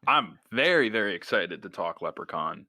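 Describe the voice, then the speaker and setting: A man co-hosting a podcast, chatting in a laid-back, blunt and crude way. His voice is pitched low and has a bright, cutting edge. It is recorded dry, with almost no room sound. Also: animated, normal speed, dry recording. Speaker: podcast co-host. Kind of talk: casual chat between friends.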